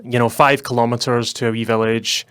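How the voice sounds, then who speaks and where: A young Scottish man co-hosting a podcast in casual, rambling chat, quick to laugh. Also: medium pitch, little pitch movement, fairly bright tone, clear, resonant tone, no room sound, studio quality. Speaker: podcast co-host.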